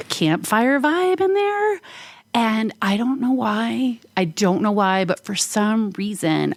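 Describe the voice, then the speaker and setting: A woman co-hosting a podcast, telling a casual story full of "like" fillers and acting out quoted voices with big jumps in pitch. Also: no room sound. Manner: frequent "like" fillers. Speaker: podcast co-host.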